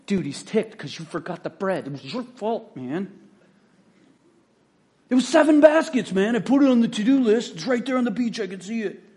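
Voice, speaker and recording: A preacher doing squabbling bro disciples. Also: male voice, high voice, big pitch swings, moderate pace, darkish tone. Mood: bickering. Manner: whiny, blaming, slangy. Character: bickering young male disciples, squabbling bros.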